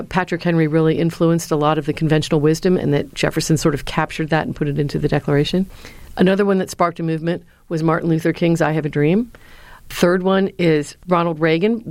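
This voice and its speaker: A middle-aged woman, a former speechwriter and lecturer, answering interview questions with earnest, lively storytelling. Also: low-pitched, fairly quick, no echo. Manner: earnest, lively storyteller who acts out quotes.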